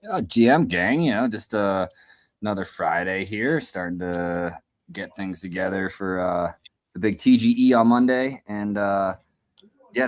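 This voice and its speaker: Laid-back deep-voiced guy, swearing. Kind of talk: casual live-stream chat.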